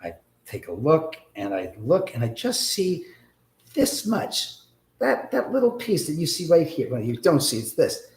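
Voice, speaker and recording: A man hosting a live stream, telling a rambling, animated story and swearing freely. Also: a little high, a little slow. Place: in a house. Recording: roomy echo.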